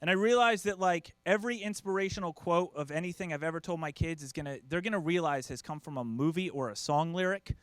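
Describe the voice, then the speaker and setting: A man's voice: a little high, quick pace, few pauses, no room sound. A middle-aged man from the United States doing a stand-up comedy set, acting out his family in quoted voices. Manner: animated, acts out family members in quoted voices.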